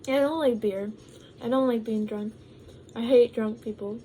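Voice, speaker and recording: Mellow, rambling young woman vlogger. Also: fairly high pitch, steady tone, normal speed, a little hiss or hum, poor audio. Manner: rambling, full of ums and likes; talks while eating. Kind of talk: casual vlog chat.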